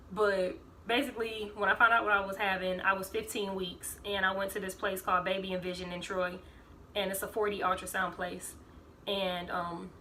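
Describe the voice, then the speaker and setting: A young woman tells a personal story in a loose, rambling way and leans on lots of fillers. Her voice sounds bright and a little tense. A faint hiss sits under her voice. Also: mid-range voice. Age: 20s. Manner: rambling, filler-heavy, acts out quoted voices. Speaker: vlogger. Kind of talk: casual storytime vlog.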